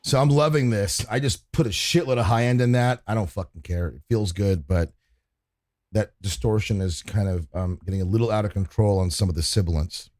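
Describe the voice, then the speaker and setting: A man's voice: lowish voice, brisk, a little mellow, no echo, faint music behind. A man casually talking through his mixing work on a livestream, swearing freely as he explains each step. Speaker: mixing engineer teaching on a livestream.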